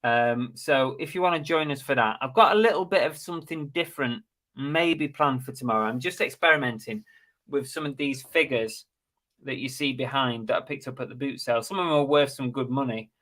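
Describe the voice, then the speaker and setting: A man's voice: mid-range voice, a little fast, fairly bright tone. A middle-aged man, hosting a casual live stream chat about reselling and plugging giveaways. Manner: chatty, plugs links and giveaways. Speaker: live show host.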